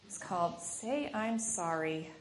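A woman reading a children's picture book aloud at a church service, in a slow, animated read-aloud voice. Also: fairly low pitch. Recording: echoey room.

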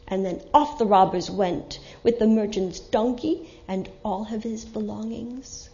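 Expressive woman reading a story, lo-fi. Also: sits high. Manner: expressive, dramatic. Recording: muffled lo-fi recording.

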